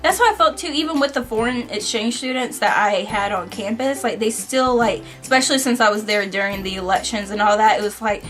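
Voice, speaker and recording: A woman's voice: medium pitch, brisk, few pauses, a bit bright, soft background music. A young woman with a Southern American accent, a university student chatting casually and asking lots of questions. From southern United States. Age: young adult. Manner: chatty, filler-heavy, asks questions. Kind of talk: casual chat.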